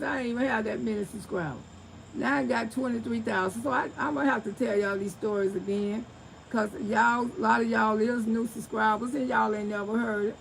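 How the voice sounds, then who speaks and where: A gravelly-voiced woman, chatting on a livestream from home. She tells stories and answers her viewers as she goes, laughing often, with faint noise behind her on a phone mic. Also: fairly high pitch, low-quality recording. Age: 60s. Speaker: livestream host. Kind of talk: casual livestream storytelling.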